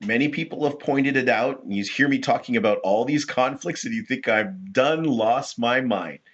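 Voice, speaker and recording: A man hosting rambling political commentary, talking in a rhetorical, animated way. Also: mid-range voice, moderate pace, lo-fi sound. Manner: animated, rhetorical, laughs at his own points.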